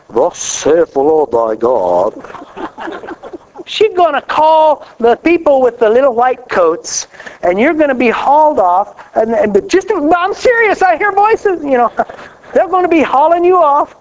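A man preaching a sermon in a folksy, animated way, laughing often and rising on exclamations. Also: extremely high pitch, smooth. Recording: dull lo-fi recording.

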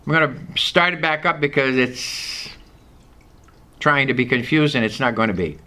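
An older man preaching a folksy, emphatic sermon, reading scripture aloud and slowing down to stress key words. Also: on the high side, very animated, sharp tone.

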